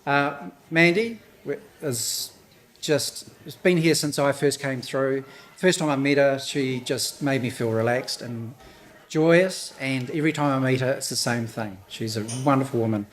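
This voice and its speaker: An artist exhibiting at a gallery opening offers a thank-you speech in a medium-pitched voice. He stumbles nervously, starting over and letting out soft laughs, and his slightly hoarse voice is thick with emotion.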